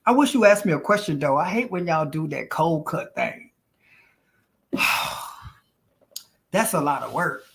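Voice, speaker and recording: A woman's voice: low voice, expressive, unhurried, pauses often. Woman, live-stream psychic reader, casual chat, folksy endearments, phone mic. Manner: chatty, calls viewers honey and girl, laughs often.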